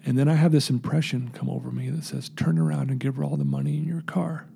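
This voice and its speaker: In an interview, a man tells his recovery story earnestly and with animation, acting out the voices in it. His voice is medium-pitched, creaky, and husky, and he speaks fast.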